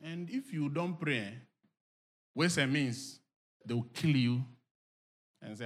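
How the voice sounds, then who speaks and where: A man preaching a sermon to a congregation, dropping to low murmurs and rising to loud shouted exhortations, acting out quoted inner voices. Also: lively intonation, takes it slowly.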